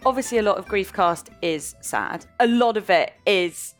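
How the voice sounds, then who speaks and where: A woman's voice: medium pitch, expressive, moderate pace, soft background music. A woman hosting a podcast, asking thoughtful, reflective questions in easy conversation. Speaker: podcast host. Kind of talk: conversational interview.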